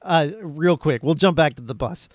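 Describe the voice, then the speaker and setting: A man co-hosting a casual movie discussion, animated and acting out lines from scenes. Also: on the high side, moderate pace, no room sound, clean studio sound. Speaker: podcast co-host.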